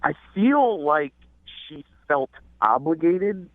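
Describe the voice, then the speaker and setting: A man's voice: a little high, very animated, takes it slowly, no echo. A young adult man calling in to a radio show, telling a dating story in a hesitant, rambling way full of fillers. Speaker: caller. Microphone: telephone. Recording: tinny dry phone line.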